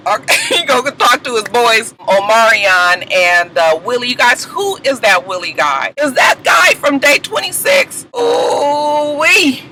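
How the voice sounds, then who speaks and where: Bright high-voiced woman recapping TV. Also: measured pace, a little hiss or hum, low-quality recording. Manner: blunt, swearing, laughing, animated storytelling. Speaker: TV recap vlogger. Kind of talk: casual profane recap commentary.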